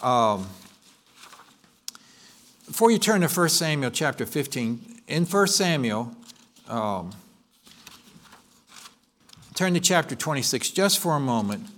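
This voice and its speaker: A male pastor delivering a sermon, telling a story in an animated way and often correcting himself mid-sentence. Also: mid-range voice, slow, long pauses. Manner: animated storytelling, with frequent restarts and self-corrections.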